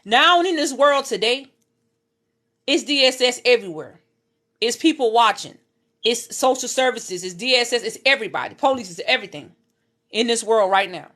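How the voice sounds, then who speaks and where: A woman's voice: on the high side, lively intonation, moderate pace, fairly bright tone. A woman, telling her own life story to her viewers in an intense, repetitive way, swearing as she talks from her bed at home. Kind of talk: emotional personal storytelling.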